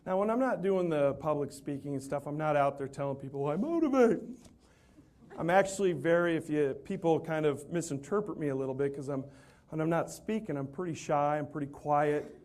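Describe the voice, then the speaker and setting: A man's voice: a little high, darkish tone. A man giving a motivational talk, telling a self-deprecating funny story with lots of animation. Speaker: motivational speaker.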